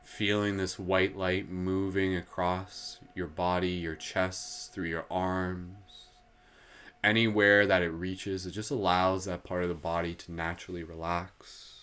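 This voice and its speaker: A man hosting a live guided meditation, slow and soothing when guiding, giggly and playful between exercises. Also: sits low, flat delivery, fairly bright tone, clean tone. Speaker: meditation host.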